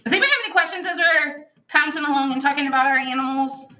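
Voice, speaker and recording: A chatty woman with a slightly high, bright voice, gabbing cheerfully as she crafts. She keeps sprinkling in "like" and "oh my gosh," and a faint hiss sits under the sound. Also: racing, low-quality recording. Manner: chatty, laughing, frequent "like" and "oh my gosh". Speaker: co-host of a stenciling livestream. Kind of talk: casual chat while crafting.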